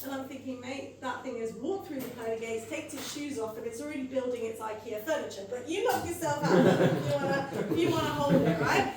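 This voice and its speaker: High-pitched woman doing stand-up in echoey venue. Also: a little fast, few pauses, far from the mic, crowd noise. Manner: animated storytelling, swearing. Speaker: stand-up comedian. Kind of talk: stand-up set. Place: comedy club stage. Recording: echoey venue mic, audience laughter.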